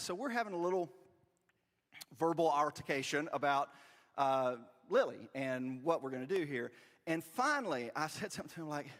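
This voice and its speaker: A man, preaching a storytelling sermon in a church, animated and self-deprecating. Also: a little high, moderate pace. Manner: animated, self-deprecating, quotes family in voices. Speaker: pastor. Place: church sanctuary. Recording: long reverb of a church hall.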